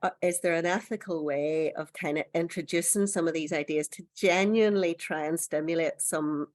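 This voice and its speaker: Hesitant woman with a low voice. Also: normal speed. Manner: hesitant, thinking aloud, laughs easily. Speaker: caller asking for advice. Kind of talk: casual conversation.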